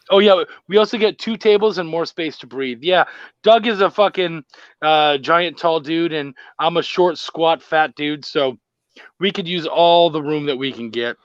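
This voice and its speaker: A loud, gregarious man hosting a casual chat, telling animated, profane stories. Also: fairly high pitch, measured pace, clear, resonant tone, no echo, dull audio. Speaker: podcast host.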